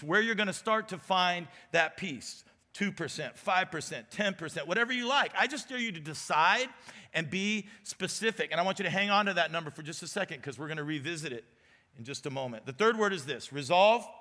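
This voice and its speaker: High bright-voiced man preaching in a hall. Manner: chatty, self-deprecating, keeps checking in with "right?". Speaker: executive pastor. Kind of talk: conversational sermon. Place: church auditorium. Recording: long reverb of a large hall.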